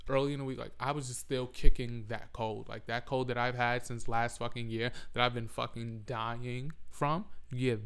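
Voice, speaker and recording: A man's voice: mid-range voice, clear, resonant tone. A young man, telling a profane, dramatic story in a casual vlog. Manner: animated, profane, dramatic retelling. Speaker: vlogger.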